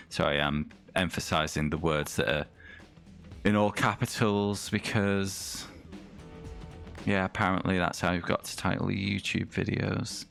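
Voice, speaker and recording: A man's voice: deep voice, unhurried, creaky, a bit bright, faint music behind. A man streaming a retro racing game, chatting casually with his viewers and reading things aloud with dry comments.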